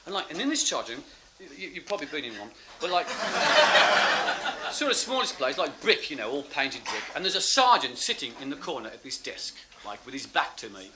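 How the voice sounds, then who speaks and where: A man telling a story in stand-up, animated and laughing as he talks. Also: a little high, moderate pace. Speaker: comedian. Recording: loud noisy live recording.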